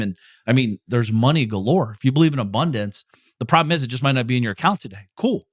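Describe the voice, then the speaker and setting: A man's voice: medium pitch, a bit bright, no room sound, clean studio sound. A middle-aged man hosting a podcast and answering listener questions in a casual motivational monologue. He is blunt and profane, and candid about his own feelings. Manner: blunt and profane, swearing freely; candid, openly emotional about personal matters.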